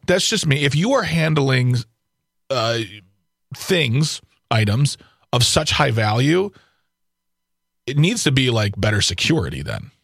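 A man's voice: mid-range voice, creaky, fairly bright tone, breathy edge, dry recording, studio quality. A man co-hosting a talk radio show, telling a news story in a wry, playful, joking way. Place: radio studio. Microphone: studio microphone.

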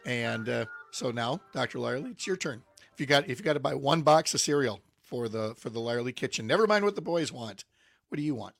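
A man's voice: mid-range voice, lively intonation, brisk, vocal fry, fairly bright tone, soft background music. A man hosting a radio show, chatting casually with frequent fillers and laughing asides.

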